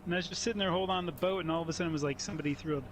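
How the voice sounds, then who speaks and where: A man chatting casually while gaming, telling long rambling anecdotes with laughs mixed in. His voice sits a little high. Steady noise hums behind him. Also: very fast. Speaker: gamer chatting on stream. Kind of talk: casual chat.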